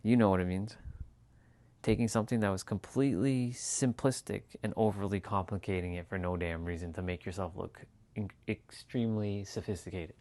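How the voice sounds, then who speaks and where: A man with a fairly low voice chats loosely on his livestream. He rambles from thought to thought, swears freely and laughs often as he goes. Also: steady tone, fairly quick, a little mellow. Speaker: livestream host. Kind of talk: casual chat.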